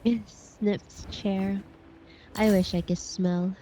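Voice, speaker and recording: A woman's voice: mid-range voice, flat delivery, slow, mellow. A congested woman on a live stream, friendly, reading and thanking chat. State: congested, breathing through mouth. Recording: dull lo-fi mic with faint noise.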